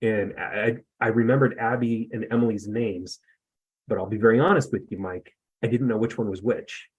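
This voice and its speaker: A podcast guest in his fifties from the US West Coast tells a story casually, rambling and self-deprecating, with lots of fillers and restarts. His voice is lowish and steady with a breathy edge, at a moderate pace, and the recording is low quality.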